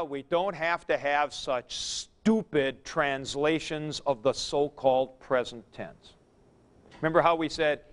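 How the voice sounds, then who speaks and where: A man's voice: on the high side, a bit bright, clean tone. A middle-aged man teaching a grammar lecture in a folksy, emphatic way, working through examples aloud.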